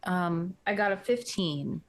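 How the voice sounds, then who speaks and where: A woman's voice: on the low side, lively intonation, a little slow. A woman playing a tabletop game, speaking casually and a little hesitantly. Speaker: player.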